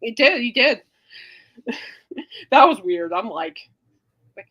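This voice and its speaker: A woman hosting a casual podcast, rambling through an animated story with many fillers and dramatic re-enactments of her own reactions. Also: a little high, slow, dull audio. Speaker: podcast host. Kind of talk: casual rambling livestream chat.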